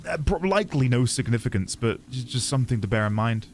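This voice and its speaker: A man's voice: medium pitch, expressive, fast talker, slight background noise. A man streaming a game, musing aloud playfully as he reads notes and explores. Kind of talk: let's-play commentary.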